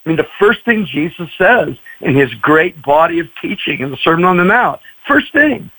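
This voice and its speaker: A man, a pastor, telling stories in a radio interview in an expressive way, acting out voices. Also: fairly high pitch, moderate pace, hardly any pauses, poor audio. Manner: expressive, acts out voices, repeats "man" and "you know". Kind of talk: animated storytelling in a radio interview.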